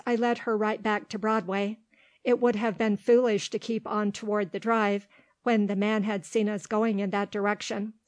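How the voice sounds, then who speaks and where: A woman narrating a storybook in a steady, measured reading voice. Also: medium pitch, no room sound. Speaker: audiobook reader.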